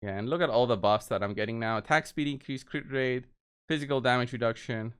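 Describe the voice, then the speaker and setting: A man's voice: mid-range voice, a little fast, smooth. A man giving casual gameplay commentary, walking viewers through each move step by step. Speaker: game video creator.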